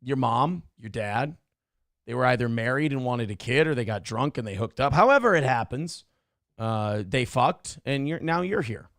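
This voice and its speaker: A man hosting a comedy talk show, reacting to clips with sarcastic, profane commentary and animated storytelling. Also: medium pitch, normal speed, no echo, studio quality. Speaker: morning show host.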